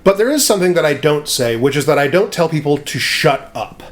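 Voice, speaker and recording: A man's voice: fairly high pitch, expressive, a little fast. Dry-joking man co-hosting a podcast. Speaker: podcast co-host. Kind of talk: casual chat.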